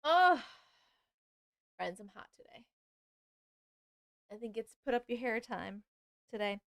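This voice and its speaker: A woman's voice: on the high side, lively intonation, slow pace, creaky, dry recording, studio quality. A woman hosting a casual live stream, chatting bubbly and thanking viewers by name. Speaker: livestream host.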